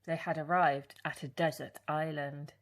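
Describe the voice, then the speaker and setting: A woman reading a children's picture book aloud in an expressive storytelling way. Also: low voice, normal speed.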